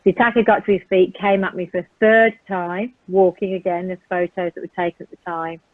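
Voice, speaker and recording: A woman's voice: fairly low pitch, flat delivery, brisk, dry recording. A woman with a British accent giving earnest, vivid personal testimony in a conversation, retelling events in the present tense with frequent ums. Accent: British English. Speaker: guest recounting a violent attack. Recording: tinny phone line, dry.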